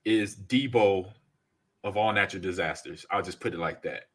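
A man in his forties co-hosting a casual podcast chat, reading out chat comments and acting out stories loudly. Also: low voice, quick pace. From California. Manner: animated storyteller, acts out scenes loudly. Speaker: podcast co-host.

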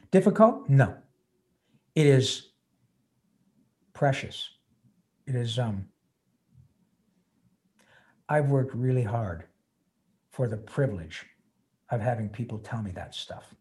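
A man's voice: medium pitch, warm tone. Earnest older man telling a story. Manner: earnest, emotional, rambling with restarts. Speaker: guest voice actor. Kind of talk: interview storytelling.

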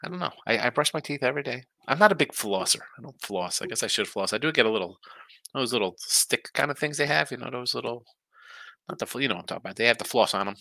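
A man's voice: mid-range voice, lively intonation, fast talker, creaky, sharp tone, no echo. A man hosting a casual sports betting picks show, talking in a rambling, trailing-off way while sleepy and yawning.

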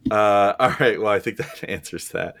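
Low-voiced laid-back podcast host. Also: male voice, moderate pace, a bit bright. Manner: laid-back, swears casually. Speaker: podcast co-host reading listener questions. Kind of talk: casual chat.

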